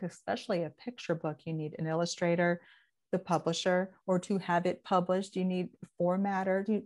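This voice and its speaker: A woman host asking interview questions in a measured, encouraging way. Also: on the low side, darkish tone. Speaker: podcast host.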